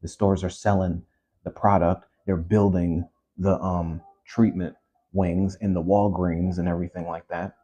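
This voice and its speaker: Man, low voice, husky, mellow, casual online commentary, animated rant, repetitive phrasing. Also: unhurried, muffled recording. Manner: animated, repetitive, conversational with fillers. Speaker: commentary host.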